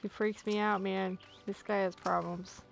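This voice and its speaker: A woman's voice: medium pitch, flat delivery, a little slow, vocal fry, a little hiss or hum. Giggly woman commenting on a game. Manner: giggly, jokey, reacts to game dialogue. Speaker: gaming channel host. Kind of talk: casual let's play commentary.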